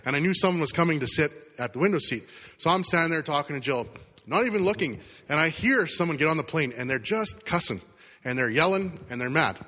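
A middle-aged man gives a sermon in a relaxed, chatty storytelling manner. His voice sits a little high for a man and sounds bright and forceful. The sound carries a long hall reverb. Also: brisk. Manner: casual, conversational storytelling with acted quotes. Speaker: pastor.

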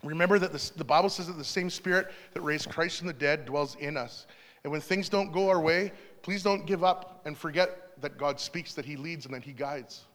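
A man's voice: on the high side, normal speed. A middle-aged man preaching a sermon in a church, talking in a conversational way with little asides. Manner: conversational, warm storytelling with asides. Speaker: pastor. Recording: long hall reverb.

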